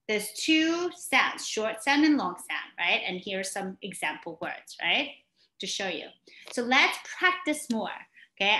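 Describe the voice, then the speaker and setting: Slow, careful woman teacher in echoey room. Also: a little high, sharp tone. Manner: slow, drawn-out sounding out of vowels. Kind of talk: online English class.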